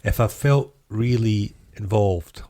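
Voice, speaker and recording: A man's voice: lowish voice, slow pace, warm tone. A middle-aged Scottish man, co-hosting a podcast, joking, rambling and teasing in casual banter. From Scotland. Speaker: podcast co-host.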